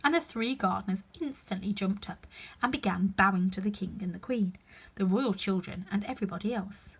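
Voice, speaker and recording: Breathy woman reading a storybook aloud. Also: medium pitch, low-quality recording. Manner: dramatic, slowing and dropping to hushed whispers. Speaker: storyteller reading a children's book.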